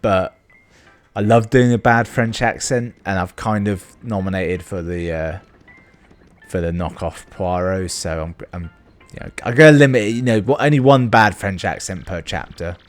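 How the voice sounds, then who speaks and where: A man's voice: on the low side, moderate pace, soft background music. A man hosting a video game let's play, reading dialogue aloud with playful commentary. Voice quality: animated, playful character reading.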